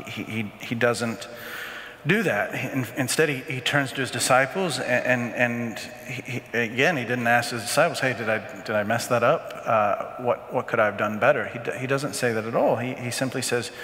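A man's voice: mid-range voice, pushed and bright, slight background noise. A man teaching an adult faith class in a church hall, earnest, stumbling over repeated words and often checking in with "right?". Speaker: parish teacher. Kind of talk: adult faith formation talk.

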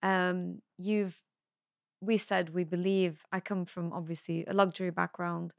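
A woman's voice: on the low side, little pitch movement, a little slow, creaky, no room sound, studio quality. A woman hosting an interview, chatty and encouraging, prompting her guest with questions. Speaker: podcast host, interviewer. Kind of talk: casual interview.

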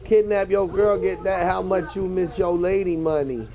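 A man's voice: sits high, fairly even intonation, normal speed, crowd noise. A young man trash-talking and boasting in brash, casual chat while playing an online game. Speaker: online gamer.

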